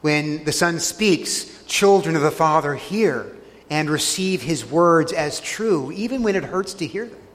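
A pastor preaches a sermon, earnestly retelling scripture scenes and leaning hard on key words. His voice is a bit bright and sits a little high for a man, at a measured pace, with long reverb trailing each phrase as in a large hall.

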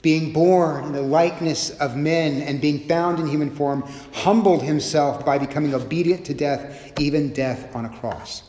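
Expressive preacher in an echoey hall. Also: male voice, a little high, moderate pace, a little hiss or hum. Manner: expressive, shifts pace and loudness, acts out quotes with humor. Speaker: pastor. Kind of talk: sermon.

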